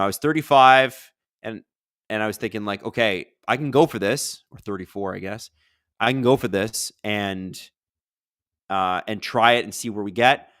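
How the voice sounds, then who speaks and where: Low-voiced man hosting a hockey stream. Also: dry recording, clean studio sound. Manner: energetic, rambling, reads chat questions aloud. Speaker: host of a live hockey watch-along stream. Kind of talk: casual live-stream chat and game commentary.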